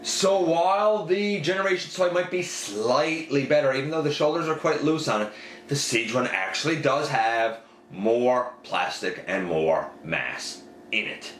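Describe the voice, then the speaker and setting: A man giving a casual product review, talking it through conversationally and jumping up in pitch on the words he stresses. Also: animated, unhurried, a bit bright, a little hiss or hum. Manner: conversational, weighing pros and cons, pitch jumping up on emphasis. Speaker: toy reviewer.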